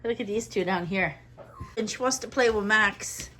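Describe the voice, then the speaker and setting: A woman's voice: medium pitch, moderate pace, a bit bright, a little hiss or hum. A middle-aged woman from Canada, a vlogger chatting casually at home as she unpacks groceries and thinks aloud. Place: home kitchen.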